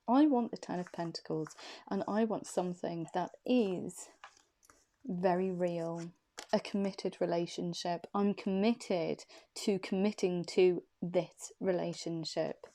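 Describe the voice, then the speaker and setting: Woman doing a chatty tarot reading indoors, warm mellow voice, drawn-out phrases. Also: fairly low pitch, steady tone. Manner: chatty, drawn-out, laughs easily. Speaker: tarot reader. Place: room indoors.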